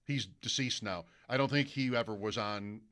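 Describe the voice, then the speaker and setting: Fairly low in pitch and speaking at normal speed, the sports radio host relates a lengthy anecdote in casual studio talk. He gets animated, doing impressions of broadcaster calls.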